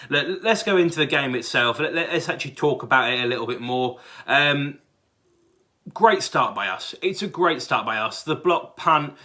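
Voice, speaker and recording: Excitable British man reacting to football. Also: medium pitch, normal speed. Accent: British English. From England. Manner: excitable, rambling with many fillers and restarts. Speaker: sports fan channel host. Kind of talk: casual fan reaction.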